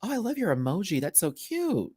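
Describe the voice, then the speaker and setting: A man with a Southern US accent chatting casually on a livestream from a hotel room, animated and full of terms of endearment. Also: high voice, fairly quick, husky, no room sound, studio quality. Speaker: YouTube host.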